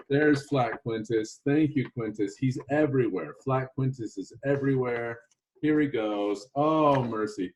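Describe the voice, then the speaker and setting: A man's voice: mid-range voice, a little mellow, slightly rough. A man teaching a Latin lesson online in a playful way, with jokey asides.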